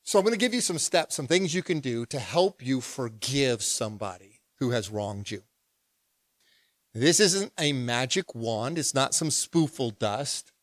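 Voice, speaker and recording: A man pastor preaching a discipleship lesson in a lively, humorous, conversational way, acting out prayers. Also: mid-range voice, a little slow, no room sound, studio quality. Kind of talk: sermon.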